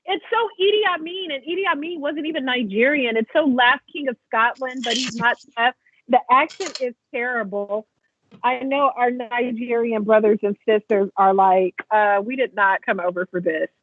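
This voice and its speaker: A woman's voice: on the high side, moderate pace, dry recording. A woman co-hosting a wrestling podcast remotely, sarcastic and opinionated in casual chat. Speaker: podcast co-host. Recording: tinny phone line, dry.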